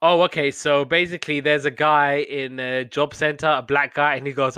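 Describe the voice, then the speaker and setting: In a dry recording, a young podcast host who reviews TV shows rambles through a casual sitcom recap, packing it with fillers and quick laughs. He speaks in a fairly high, sharp, clear voice that's resonant and barely moves in pitch.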